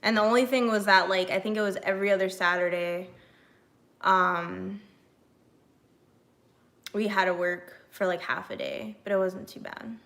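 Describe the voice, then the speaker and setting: A young woman chats with her stream audience in a bright, sharp voice. She rambles casually with lots of fillers and breaks into laughs while answering viewers. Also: medium pitch, normal speed, pauses often. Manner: chatty and animated, many fillers, laughs often; reads and answers chat messages.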